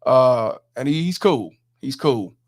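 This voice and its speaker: A man hosting a livestream, giving profane, emphatic commentary and shouting out viewers. He repeats lines for emphasis. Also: mid-range voice, lively intonation, slow pace. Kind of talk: live-streamed commentary with viewer shout-outs.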